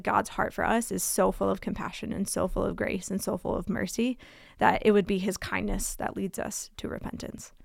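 A woman's voice: medium pitch, creaky, no echo, studio quality. A woman talking through a Bible passage in a casual, conversational way, with frequent fillers. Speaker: Bible discussion speaker.

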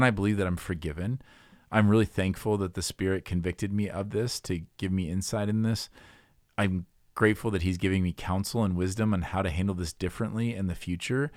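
A man talking through faith and confession in an unhurried conversation, reflective and full of small restarts. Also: low-pitched, no room sound, studio quality. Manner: thoughtful, reflective, many restarts.

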